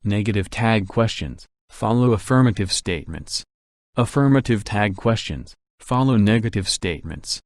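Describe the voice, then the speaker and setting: A man reading an English grammar lesson aloud, giving the rules and the answers in a measured, even way. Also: lowish voice, no echo, clean studio sound. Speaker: English teacher.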